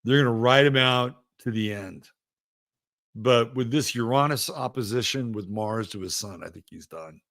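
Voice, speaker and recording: A man's voice: mid-range voice, moderate pace, fairly bright tone, no echo. A man hosting a live astrology show, talking casually and emphatically with rambling asides. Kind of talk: casual live-stream commentary.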